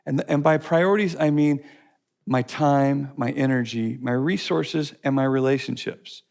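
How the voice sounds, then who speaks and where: A man teaching a recorded class session, repeating phrases and telling lively stories. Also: mid-range voice, a little slow, gravelly. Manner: repeats phrases, lively storytelling with put-on voices. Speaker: curriculum teacher.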